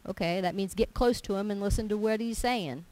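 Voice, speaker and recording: A woman's voice: mid-range voice, brisk, low-quality recording. A woman giving a testimony sermon, telling stories with emphasis and acting out dialogue. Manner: animated storyteller, emphatic, acts out dialogue. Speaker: church speaker giving testimony.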